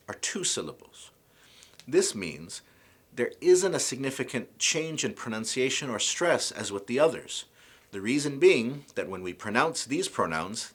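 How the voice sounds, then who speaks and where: A man giving a scripted language lesson, pronouncing example words slowly and carefully. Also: on the low side, a bit bright. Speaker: language teacher.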